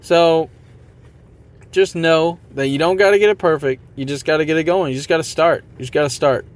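A man's voice: a little high, a little fast. A man hosting a podcast, talking casually and motivationally, rambling a bit and poking fun at himself while repeating his catchphrases. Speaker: podcast host.

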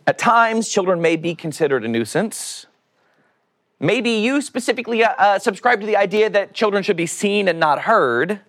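Here a high-pitched man speaks at a moderate pace while preaching a relaxed sermon. He jokes around energetically, poses questions to the congregation, and plays out each quoted voice.

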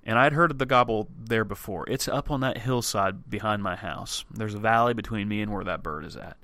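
A man's voice: fairly low pitch, brisk, bright, forceful tone, dry recording. A man hosting a podcast, telling a personal story in a chatty way and acting out his own thoughts as he goes. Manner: chatty, acts out his own thoughts in quotes, frequent restarts. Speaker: podcast host. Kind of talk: casual storytelling and show intro. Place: home or office.

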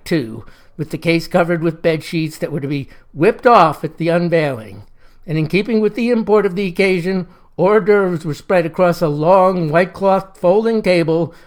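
A man narrating a first-person story in a folksy, wry, deadpan manner. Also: a little high.

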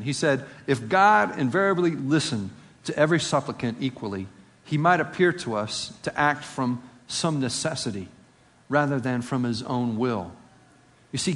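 A man's voice: mid-range voice, a bit bright. A man preaching a sermon. He reads scripture aloud, then explains it conversationally and asks rhetorical questions. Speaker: pastor. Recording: long reverb of a large hall.

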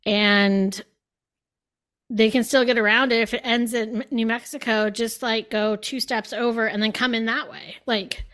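Woman, casual political chat, wry, conversational, higher voice. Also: fairly even intonation, normal speed, fairly bright tone. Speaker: podcast co-host.

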